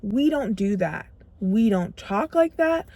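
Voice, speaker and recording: A woman's voice: mid-range voice, lively intonation, slow, mellow, no room sound. A young woman giving a motivational self-growth talk to camera, emphatic and repeating phrases for punch. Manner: acts out her own inner dialogue in quotes.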